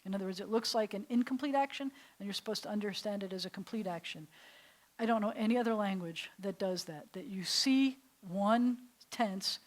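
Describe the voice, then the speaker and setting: A woman rabbi teaching a Hebrew class, explaining with enthusiasm and often dropping to soft, breathy whispers for emphasis. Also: mid-range voice, fairly quick, rough recording. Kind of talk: classroom lesson. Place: synagogue classroom.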